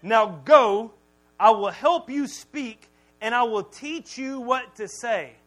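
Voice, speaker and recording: A man voicing God as a patient, commanding father figure, slow and emphatic. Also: extremely high pitch, a bit bright, voice pushed up, exaggerated voice.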